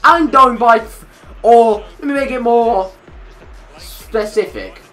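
A young man commentating his own football video game, hoarse from shouting, loud and excitable, swearing constantly and yelling at the players. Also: very high voice, slow, soft background music. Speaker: gamer and channel host. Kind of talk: let's play commentary.

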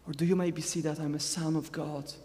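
A young man in his twenties with a Scottish Borders accent preaches a sermon in a chatty way, with joking asides to his congregation. His voice sits a little high for a man. It rings with the long reverb of a church hall. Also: little pitch movement, fairly quick, mellow. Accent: Scottish, Borders (Galashiels). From Scotland. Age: 20s.

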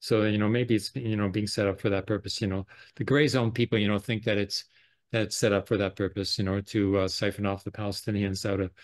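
A man's voice: lowish voice, little pitch movement, brisk. A man in casual political chat who rambles and leans heavily on "you know".

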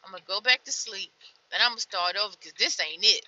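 A young female truck driver vlogs from her cab, weary and frustrated, sinking into tired mutters before flaring up loudly. Her voice sits at a medium pitch and moves fast, and the sound is lo-fi.

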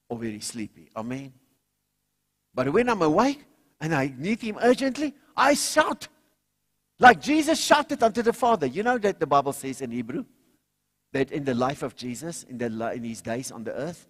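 A man preaching a sermon as pastor, swinging from loud cries to quiet low asides and calling on the congregation to respond. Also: big pitch swings, normal speed, pauses often. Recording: long hall reverb.

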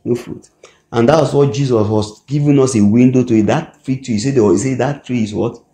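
A man with a Nigerian English accent delivers a sermon in a church hall. His voice is mellow and unhurried in tone. He keeps prompting his listeners to call out the missing words, and the room adds an echoing ring to it all. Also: medium pitch. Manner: call-and-response, asks the congregation "what?" to fill in words. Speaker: preacher. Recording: echoey hall recording.

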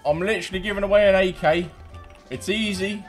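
A man's voice: high-pitched, steady tone, moderate pace, over music. A British man running casual gameplay commentary, laughing and swearing as he banters with other players. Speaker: game streamer.

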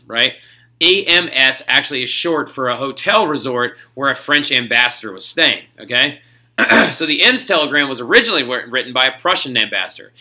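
A man teaching a history lesson to his students in a casual, jokey, energetic way, talking straight to them. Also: mid-range voice. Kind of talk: casual recorded classroom lecture.

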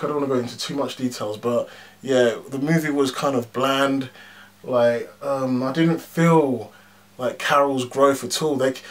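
Blunt, ranting male movie reviewer. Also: medium pitch. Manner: animated, blunt, frequent swearing and fillers. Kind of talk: casual ranting film review.

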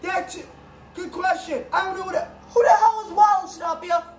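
A woman improvising a toy play, voicing several characters and switching voices, with bursts of shouting. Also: extremely high pitch, steady tone, a little fast. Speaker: home video creator. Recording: echoey room with faint background noise.

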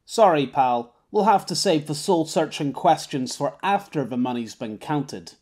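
A man's voice: a little high, expressive, a little slow, darkish tone. A man voicing a smug, money-minded male captain who speaks with a plastered-on pleasant politeness in an audiobook. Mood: sardonic. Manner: smarmy, falsely pleasant. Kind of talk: audiobook character voice.

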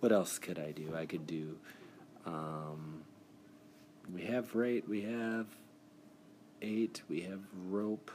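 A man's voice: low-pitched, fairly even intonation, slow pace, long pauses, a little mellow, slight background noise. A man recording a screencast spelling lesson, explaining the steps in an encouraging, patient way. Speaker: teacher. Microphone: device mic for screen recording.

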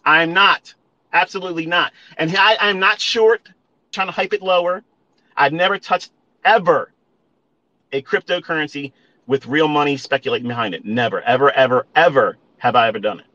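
Man, bright forceful voice, profane emphatic rant, repeats himself, dull lo-fi sound. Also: on the high side, normal speed, dry recording. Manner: profane, emphatic, repeats points, addresses listeners as folks. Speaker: trading educator. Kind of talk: ranting monologue on a live audio space.

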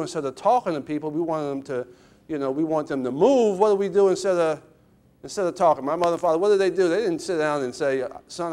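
A man in middle age delivers a motivational talk at a college event. His voice sits a little high, and he rolls along like a preacher, tossing "that's a what?" questions back to the audience. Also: darkish tone. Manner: asks the crowd fill-in questions, preacher-like cadence. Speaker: guest lecturer.

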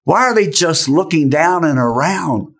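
A man voicing an astonished young woman convert who speaks in a loud stage whisper full of incredulous questions. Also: fairly high pitch, lively intonation, unhurried, pitched above the performer's own voice, full character voice.

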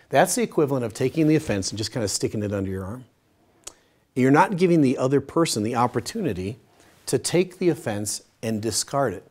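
Conversational male Bible study teacher. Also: medium pitch. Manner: conversational, acts out short dialogues in a softer voice; demonstrative, uses a pen as a prop. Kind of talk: teaching session on forgiveness.

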